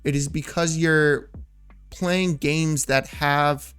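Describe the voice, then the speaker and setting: A man's voice: on the high side, steady tone, slow pace, fairly bright tone, smooth, soft background music. A man in his thirties talking casually as a gaming YouTuber, rambling and filling his talk with "like" and restarts. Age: 30s. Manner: rambling, filler-heavy, self-interrupting. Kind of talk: casual vlog commentary.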